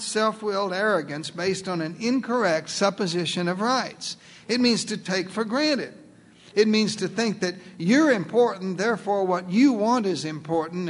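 A male pastor preaching a sermon in a folksy, playful way, acting out the voices in his quotes. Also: high-pitched.

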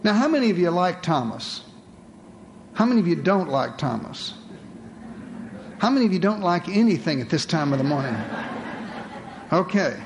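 A man's voice: high voice, big pitch swings, normal speed, pauses often, slight background noise. A man preaching a sermon to a congregation, with dramatic rhetorical questions, calling his listeners beloved.

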